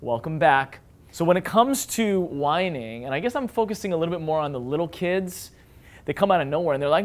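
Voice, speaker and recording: An upbeat, slightly high-voiced dad giving advice. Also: male voice, fairly quick. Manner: animated, mimics whiny kids in a high voice. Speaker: parenting vlogger, father of five. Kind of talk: casual advice talk to camera.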